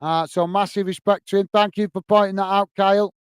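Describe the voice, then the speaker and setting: A UK man hosts a live football fan stream, reading viewer messages aloud, thanking people by name and calling them mate, and getting flustered now and then when his computer lags. His high voice is clear and resonant, fairly even in intonation and a little fast, with no room sound.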